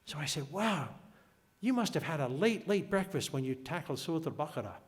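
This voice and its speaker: An older man giving an academic lecture, reading passages aloud in a measured way with frequent restarts. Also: fairly high pitch, big pitch swings. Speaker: guest lecturer.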